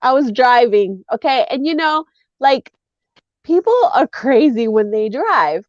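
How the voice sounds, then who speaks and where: A high, lively woman guest telling jokey stories with a bouncing voice. She acts out every quote, and the sound is dry and a little dull. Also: measured pace, no room sound. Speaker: guest co-host. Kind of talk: casual chat.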